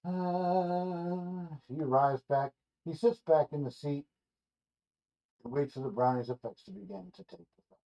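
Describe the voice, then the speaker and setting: A man reading a rough draft screenplay aloud in a loose, ad-libbing way, correcting himself with casual asides, in a dull lo-fi recording. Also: fairly high pitch, measured pace, pauses often, dark tone. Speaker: screenplay reader.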